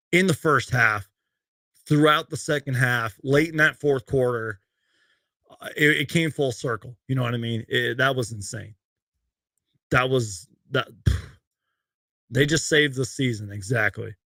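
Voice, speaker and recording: Young male fan host with a gravelly voice, live from his bedroom, bursts of excitement between rambling chat. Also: dry recording, clean studio sound. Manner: excitable, loud outbursts on highlights, then rambling. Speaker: sports fan show host. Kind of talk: live post-game fan stream. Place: bedroom at home.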